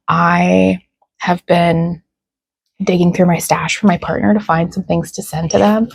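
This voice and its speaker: A woman's voice: fairly low pitch, creaky, darkish tone, breathy edge, no echo. A young woman talking casually to her vlog camera at home, frustrated and close to tears but laughing it off. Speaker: vlogger.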